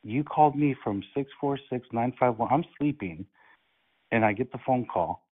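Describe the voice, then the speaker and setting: A man on a prank phone call, calm and mocking, playing innocent. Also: mid-range voice, moderate pace. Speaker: prank caller. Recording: phone line.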